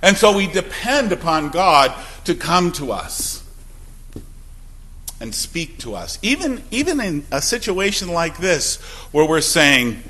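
A male pastor preaching a sermon, swinging between emphatic outbursts and quiet, low asides. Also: very animated, takes it slowly. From Wisconsin. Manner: emphatic preaching with sudden loud and soft swings.

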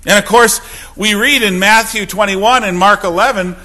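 Bright, high-voiced preaching man. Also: normal speed. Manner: emphatic, with rhetorical questions. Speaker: pastor. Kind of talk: sermon.

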